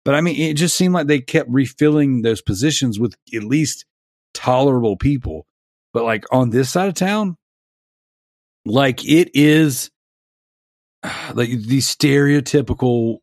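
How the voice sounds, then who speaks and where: A man's voice: mid-range voice, a little mellow, no echo, studio quality. A man in his thirties telling a long, exasperated story in a casual podcast chat. He rambles and restarts his sentences often. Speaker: podcast panelist.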